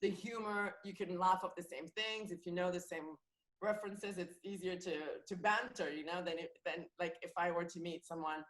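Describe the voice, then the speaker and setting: A woman's voice: lowish voice, steady tone, moderate pace. Chatty woman comedian in a roomy space. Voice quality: chatty, laughs often, speaks freely with many restarts. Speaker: comedian and actress, podcast guest. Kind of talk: casual chat. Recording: roomy echoey sound.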